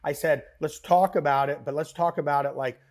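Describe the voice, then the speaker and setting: A middle-aged man, a business founder, telling stories as a podcast guest in a rambling, animated way with many fillers and asides. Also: a little high, a little fast. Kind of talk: casual interview storytelling.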